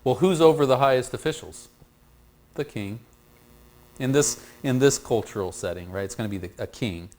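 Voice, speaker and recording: A man teaching a Bible study group, talking haltingly and repeating words as he works through a passage and draws answers from the class. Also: medium pitch, darkish tone.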